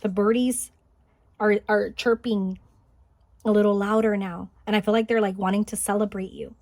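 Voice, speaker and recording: A woman giving a spiritual pick-a-card reading, gentle and encouraging, thinking aloud with small restarts. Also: medium pitch, steady tone, moderate pace, no room sound. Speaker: tarot card reader. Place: home, Highland Park, California.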